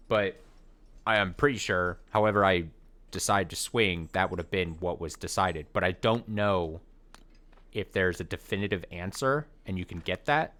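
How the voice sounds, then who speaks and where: Deep-voiced young man rambling over gameplay. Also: a bit bright. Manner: rambling, stammering, laughs often. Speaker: let's play host. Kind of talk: casual gameplay commentary.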